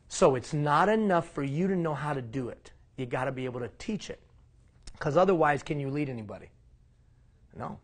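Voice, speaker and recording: A man leading a leadership workshop, animated and asking the room questions. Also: on the high side, fairly quick. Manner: animated, asks the room questions, acts out mock quotes. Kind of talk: live seminar talk. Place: classroom.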